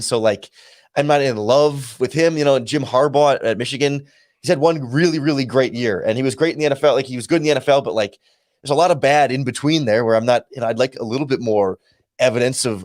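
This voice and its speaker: Halting, thoughtful male sports analyst. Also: mid-range voice, dry recording, studio quality. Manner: halting, thoughtful, many restarts. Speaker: podcast guest analyst. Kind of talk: casual sports talk. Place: remote call.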